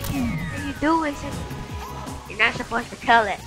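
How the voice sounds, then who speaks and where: A young woman giving excited gameplay commentary, yelping and shouting at the game as she plays. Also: on the high side, normal speed. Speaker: gamer. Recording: faint game music behind.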